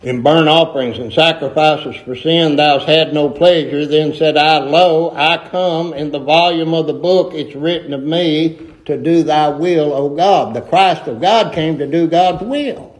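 A man's voice: fairly high pitch, a little slow, hardly any pauses, low-quality recording. A middle-aged man preaching a sermon in a folksy, emphatic way with rustic grammar.

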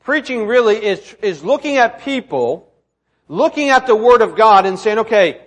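A man's voice: sits high, lively intonation, moderate pace, a bit bright. A middle-aged male pastor preaching a conversational sermon with rhetorical questions to a church congregation. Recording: long hall reverb.

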